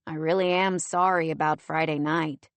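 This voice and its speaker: A woman's voice: sits low, steady tone, moderate pace, clear, resonant tone, no room sound. Woman reading a pressing, worried boyfriend. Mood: gentle. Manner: pressing, then gently pleading. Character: insistent grown man, a worried boyfriend.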